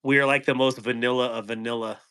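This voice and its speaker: Man, livestream host, casual chat, mid pitch, laughs a lot, reads comments. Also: fairly even intonation, fast talker, fairly bright tone, clean tone. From Wyoming.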